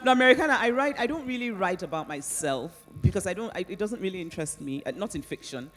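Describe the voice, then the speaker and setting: A woman, an author, answering audience questions on stage in an animated way, often laughing and restarting her sentences. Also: mid-range voice, quick pace. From Nigeria. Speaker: author guest at a book festival. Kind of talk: onstage conversation and audience Q&A.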